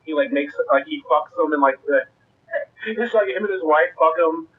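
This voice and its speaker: Husky guy telling crude stories, sounds tinny like he's on the phone. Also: fairly high pitch, normal speed. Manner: crude, rambling storyteller. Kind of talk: casual chat.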